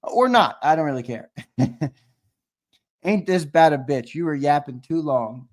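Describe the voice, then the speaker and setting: A man's voice: fairly high pitch, expressive, slow, long pauses. A man hosting a sports show in casual livestream chat, brash and profane. He reads and answers the live chat, laughs often and repeats himself. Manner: brash and profane, with trash talk.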